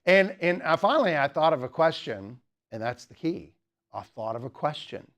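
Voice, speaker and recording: A man's voice: fairly high pitch, very animated, moderate pace, a bit bright. A young man teaching a student club in a humorous lecture, teasing the audience and chatting with lots of fillers. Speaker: teacher giving a talk.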